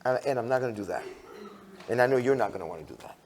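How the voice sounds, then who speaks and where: Animated male preacher in a reverberant hall. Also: medium pitch, very fast. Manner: animated storyteller, frequent restarts, asks audience questions. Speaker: conference speaker. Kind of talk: sermon-style conference talk. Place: church sanctuary.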